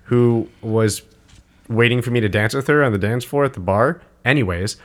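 A young man in the middle of a loose podcast chat, spinning long rambling anecdotes. His voice sits at an ordinary male pitch. He breaks into little impressions of the people he is quoting. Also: normal speed. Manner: rambling storyteller who acts out quoted voices. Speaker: podcast co-host.

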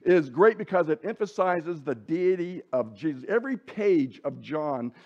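Male Bible teacher, fairly high voice, loose chatty delivery with restarts, dull lo-fi recording. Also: animated, normal speed. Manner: conversational, frequent restarts and self-corrections. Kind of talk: casual Bible lesson.

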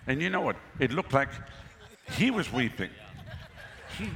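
A male pastor preaches with a gravelly, bright, forceful voice set a little high, exclaiming and calling out to his crowd for answers. His sermon rings with a long reverb, and faint ambient noise sits underneath. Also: very animated, unhurried, pauses often. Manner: exclamatory, calls to the crowd for responses. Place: outdoor pavilion with a crowd.

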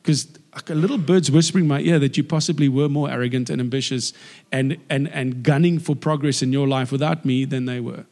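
A man in his forties from South Africa, preaching by telling stories and acting out the voices of people in them. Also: a little fast. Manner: animated, acts out quoted voices with big pitch jumps. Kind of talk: sermon storytelling. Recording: long reverb of a large hall.

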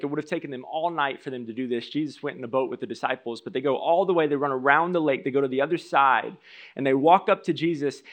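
A young man preaching a humorous sermon as pastor, telling stories and acting out bits of dialogue. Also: on the high side. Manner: lively storyteller acting out dialogue.

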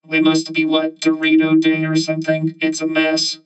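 A woman voicing a weary robot vacuum cleaner that talks in a flat, matter-of-fact way. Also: mid-range voice, normal speed, recorded from a distance, music in the background, lightly acted, poor audio. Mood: apologetic.

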